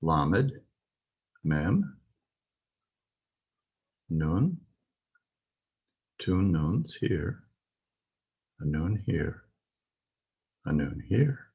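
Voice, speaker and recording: A man with a husky voice teaching a lesson, reading words slowly and carefully with some pauses. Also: low voice, very animated, lo-fi sound. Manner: spells out words carefully, pausing with "uh". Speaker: Hebrew teacher. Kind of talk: slow, deliberate lesson.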